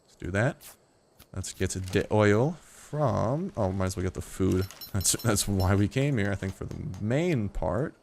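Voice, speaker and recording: Young male gaming host, low pitch, chatty and profane, over faint background noise. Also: expressive, a little slow, gravelly, a little mellow. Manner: rambling, jokey, profane. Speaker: gaming YouTuber. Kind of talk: casual gameplay commentary.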